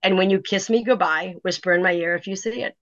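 Woman, middle-aged, animated storyteller, dull lo-fi recording. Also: medium pitch, fast talker, dry recording. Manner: animated, lots of "you know" fillers. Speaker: author guest. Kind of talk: storytelling in an interview. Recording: dry, dull lo-fi sound.

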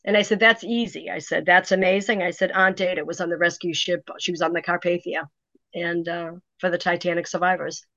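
A lively middle-aged woman, appearing as an author guest, tells stories during an interview in a lowish, brisk voice. She's animated and leans heavily on "you know" fillers. The recording is dry, with a dull lo-fi sound.

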